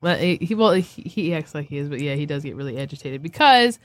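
A woman co-hosting a casual podcast, telling a funny story in a giggly, animated way. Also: deep voice, quick pace, no room sound. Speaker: podcast co-host. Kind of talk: casual chat.

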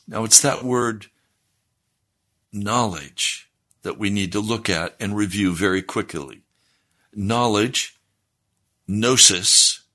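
A man preaching a sermon, explaining scripture in a deliberate, teaching manner. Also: lowish voice, sharp tone.

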